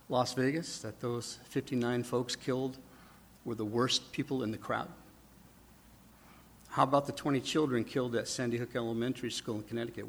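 A man preaching a sermon in a conversational way, asking the congregation rhetorical questions and dropping to a hush for emphasis. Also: medium pitch, a little hiss or hum. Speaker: pastor.

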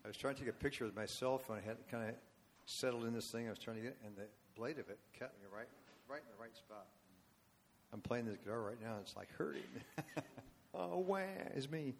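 A worship leader in his seventies tells a long story to his church congregation in a rambling, conversational storytelling sermon full of casual asides. He speaks quickly at a medium pitch, with a little hiss or hum in the audio.

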